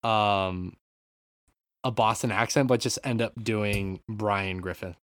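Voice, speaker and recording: A man's voice: lowish voice, steady tone, takes it slowly, no room sound. Rambling, profane podcast host man. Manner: rambling, swears freely, reads listener comments. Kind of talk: casual gaming podcast chat.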